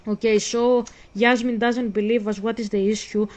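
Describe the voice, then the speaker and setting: A woman's voice: fairly high pitch, little pitch movement, normal speed, hardly any pauses, darkish tone. Blunt, swearing woman gaming vlogger. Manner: blunt, ranting, swears freely. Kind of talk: casual commentary while playing a game.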